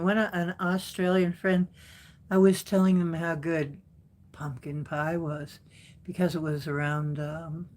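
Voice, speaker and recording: A woman hosting a casual live stream, chatting with viewers and answering their comments in an unhurried way with frequent laughs. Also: low voice.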